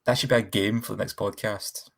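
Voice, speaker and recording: A podcast co-host who jokes quickly in casual film chat. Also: medium pitch, fairly even intonation, creaky.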